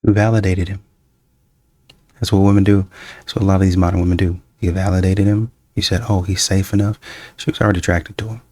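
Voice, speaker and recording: Deep-voiced blunt man hosting. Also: little pitch movement, fast, dark tone, no room sound. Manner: blunt, repeats his points. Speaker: reaction show host. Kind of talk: casual commentary on clips.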